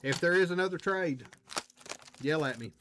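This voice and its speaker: A man's voice: on the high side, lively intonation, moderate pace, a bit bright, slight background noise. Chatty male card-break livestream host. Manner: chatty, reads out cards and talks to chat. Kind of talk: casual livestream chat.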